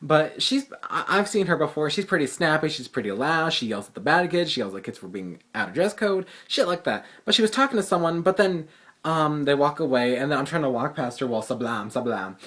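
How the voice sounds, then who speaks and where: Sassy teen guy rambling fast. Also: on the high side, sing-song, fairly bright tone. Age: teens. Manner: fast, profane, sassy rambling with many fillers. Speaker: vlogger. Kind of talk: casual storytelling vlog. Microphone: phone camera.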